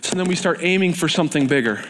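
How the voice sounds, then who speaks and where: Earnest preacher man, fairly high voice. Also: animated, quick pace, fairly bright tone, a little hiss or hum. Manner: earnest, repetitive, building intensity. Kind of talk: sermon. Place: church.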